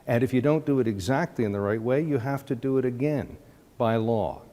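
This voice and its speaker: A man presents a scripted introduction, working through points in a measured, list-like way. His voice is mellow and dark in tone. The sound carries a long reverb, as if recorded in a large hall. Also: medium pitch.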